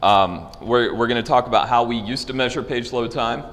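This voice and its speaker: A man's voice: mid-range voice, normal speed, a bit bright, long reverb tail. A man giving a technical conference talk with live demos, casual and loose, with frequent fillers and restarts. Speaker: conference speaker. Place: conference hall.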